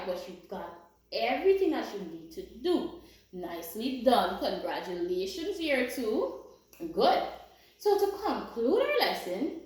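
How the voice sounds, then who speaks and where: A woman teaching a lesson to young schoolchildren, speaking in a sing-song, encouraging way and often checking in with "right?". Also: fairly high pitch. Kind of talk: classroom teaching to young children. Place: classroom. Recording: very echoey room with faint noise.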